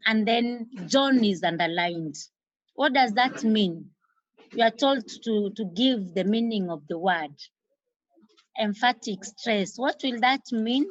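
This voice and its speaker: A woman teacher with a Kenyan accent giving an exam revision lesson, repeating key terms slowly for emphasis. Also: on the high side, animated, no echo. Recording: dull lo-fi recording.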